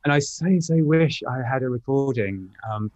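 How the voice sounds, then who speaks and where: A man co-hosting a podcast, telling measured anecdotes with pauses. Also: mid-range voice, lively intonation, a little mellow, no echo, dull audio. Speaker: podcast co-host. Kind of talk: casual podcast chat.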